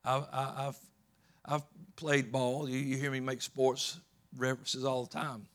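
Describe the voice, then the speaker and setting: A man preaching a sermon, swinging between loud emphatic peaks and low soft storytelling, often repeating words and restarting. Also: level tone, measured pace. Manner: rising to loud emphatic peaks, then dropping low and soft while retelling scripture.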